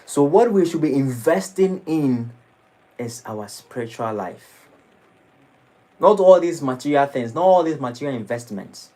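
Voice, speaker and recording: A man's voice: mid-range voice, animated, unhurried, mellow, low-quality recording. Man preaching. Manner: dramatic, shifting into mocking acted quotes. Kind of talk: sermon. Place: temple hall.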